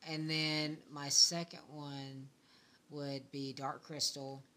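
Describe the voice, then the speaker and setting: A man hosting a podcast in casual chat, talking in a relaxed, rambling way with many restarts. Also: on the high side, takes it slowly. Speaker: podcast host.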